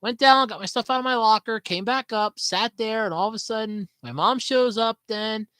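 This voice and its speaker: A woman's voice: on the high side, moderate pace, fairly bright tone, no room sound, low-quality recording. A woman hosting a solo podcast from home, telling a story in a chatty, sarcastic way. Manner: chatty and sarcastic, with swooping emphasis. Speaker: podcast host.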